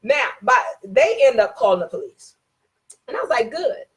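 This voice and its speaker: A woman's voice: a little high, big pitch swings, moderate pace. A woman giving an informal talk on contract rights. She tells a personal story, repeats herself for emphasis and acts out both sides of the dialogue.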